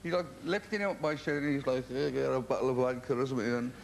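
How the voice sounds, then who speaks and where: A man's voice: mid-range voice, fairly even intonation, fast, gravelly, a little hiss or hum. A man from England, a rock singer as a TV interview guest, telling rambling comic anecdotes full of stammered restarts.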